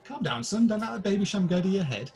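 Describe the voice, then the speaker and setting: With a high-pitched, sing-song voice that is darkish and a bit breathy, a British man speaks quickly. He co-hosts a comedy podcast, performing scripted pub banter that is crude, mock-formal and theatrical.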